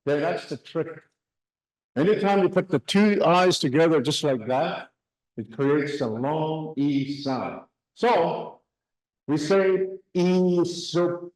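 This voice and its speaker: A man teaching a classroom language lesson. He speaks slowly, drills words and has the class repeat them. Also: on the high side, darkish tone, reverberant, rough recording. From Canada.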